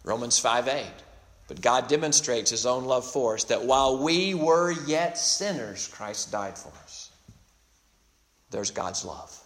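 A man's voice: mid-range voice, animated, unhurried, fairly bright tone, long reverb tail. A male pastor giving an earnest, emphatic sermon, often restarting and repeating his words as he builds each point.

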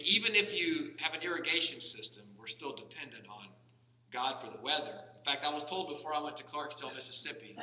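A man's voice: medium pitch, sharp tone. A man preaching a sermon as pastor, talking conversationally with frequent restarts and rising to emphatic stress. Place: church sanctuary. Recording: echoey church hall from far off.

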